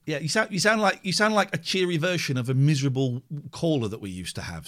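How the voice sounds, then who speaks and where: A man's voice: fairly high pitch, very animated, quick pace, hardly any pauses, fairly bright tone. A man hosting a casual live stream, rambling playfully and talking to himself as he clicks through tasks. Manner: rambling, playful, talks to himself while working. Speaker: streamer and radio-style host.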